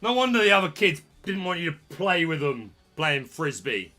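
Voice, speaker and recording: Guy in his 30s, bright sharp voice, slow jokey card opening chatter, music faint behind. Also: fairly high pitch. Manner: excitable, jokey trash talk with sudden shouts. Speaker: trading card channel host. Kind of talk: casual pack-opening commentary.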